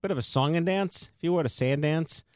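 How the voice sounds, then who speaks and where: A man hosting a casual podcast chat, rambling and halting with many fillers. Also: a little high, dry recording, studio quality. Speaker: podcast host, co-founder of the organization.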